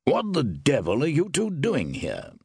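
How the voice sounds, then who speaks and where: A man reading an audiobook voices a gruff, gloomy older male official who speaks curtly and wearily. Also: medium pitch, huge pitch swings, a little slow, no room sound, studio quality, pitched above the performer's own voice, full character voice. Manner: gruff, curt, weary.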